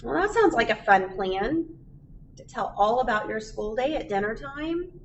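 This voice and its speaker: A woman's voice: a little high, animated, measured pace, highs cut off. A woman reading a picture book aloud for a library storytime, chatting and asking children questions. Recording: distant mic, faint background noise.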